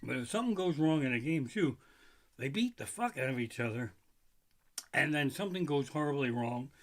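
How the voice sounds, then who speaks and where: A man's voice: mid-range voice, expressive, fairly quick. A man doing a stand-up comedy routine, ranting with lots of swearing and mocking the people he quotes.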